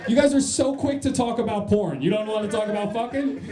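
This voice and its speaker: A man's voice: sits high, a little fast, reverberant. A man from New Jersey doing a stand-up set in a comedy club, crude and self-mocking, riffing with the crowd.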